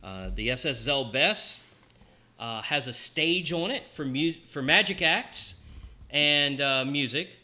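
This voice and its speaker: A man runs a tabletop game as game master, narrating scenes in an unhurried, easygoing way. His voice is bright and forward. He rambles casually and fills his pauses with ums. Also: on the high side, animated.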